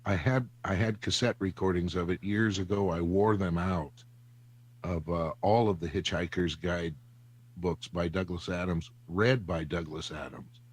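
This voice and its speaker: A man's voice: low voice, steady tone, a little slow, slightly rough. A man on a book podcast chatting casually with dry, wry humor. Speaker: podcast co-host. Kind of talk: casual chat.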